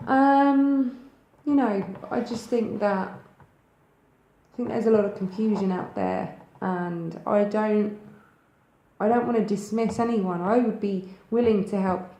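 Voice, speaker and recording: A woman's voice: mid-range voice, fairly even intonation, slow, mellow, reverberant, low-quality recording. A woman with a Thanet accent from Kent, talking straight to camera as a spiritual video host in a frank, emphatic way that swears freely. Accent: English, Thanet in Kent. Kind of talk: casual direct-to-camera talk.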